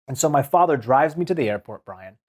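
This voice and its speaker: A man's voice: medium pitch, brisk. Man telling his story animatedly. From Seattle, United States. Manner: animated storytelling, acts out quotes. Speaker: guest, former Olympic speed skater. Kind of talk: storytelling in a podcast interview.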